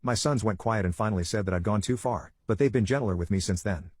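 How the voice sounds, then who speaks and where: Man, story narration, quick steady reading, low-ish voice, dry close sound. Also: slightly rough, no room sound. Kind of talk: reading online stories aloud.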